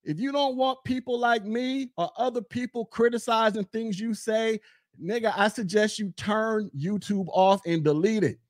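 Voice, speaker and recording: A man doing a casual commentary podcast from his desk at home, blunt and mocking with loud bursts. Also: sits high, normal speed, no room sound, studio quality.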